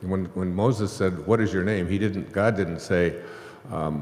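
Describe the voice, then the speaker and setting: A man's voice: low-pitched, fairly even intonation, takes it slowly, darkish tone, slight background noise. A man telling a long, rambling spiritual story on stage to a live audience, laughing now and then. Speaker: host. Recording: echoey hall.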